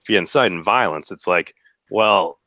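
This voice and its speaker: A man's voice: low-pitched, normal speed, dry recording, clean studio sound. A man rambling animatedly as a panelist on an online video call. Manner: rambling, animated, says frickin'. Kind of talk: casual banter in an online hangout.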